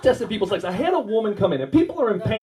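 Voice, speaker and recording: A man with an American accent tells rambling, crude stand-up stories, acting out every line of dialogue. His voice sits high and swings widely in pitch as he builds to each punchline. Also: very animated, rapid-fire, mellow, low-quality recording. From United States. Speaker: stand-up comedian. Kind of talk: stand-up storytelling. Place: small warehouse comedy night.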